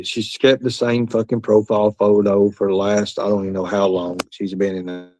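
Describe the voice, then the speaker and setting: A man's voice: fairly low pitch, a little mellow, no echo. A man hosting a livestream, reading chat and talking in a rambling, profane, repetitive way. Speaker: livestream host.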